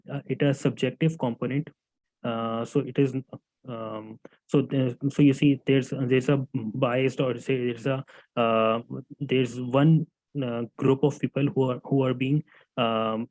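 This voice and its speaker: Male student, mid-range voice, halting class presentation, dry sound. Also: mid-range voice, dark tone, no room sound, poor audio. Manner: hesitant, many fillers and restarts; addresses teacher as sir.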